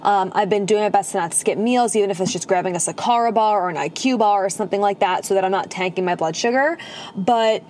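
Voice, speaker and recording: A woman's voice: mid-range voice, fast talker, a little mellow, slight background noise. A woman hosting a casual podcast from her car, talking in a bubbly, chatty way into a propped-up phone. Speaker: podcast host and holistic nutritionist. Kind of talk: casual chat. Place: inside a parked car at night.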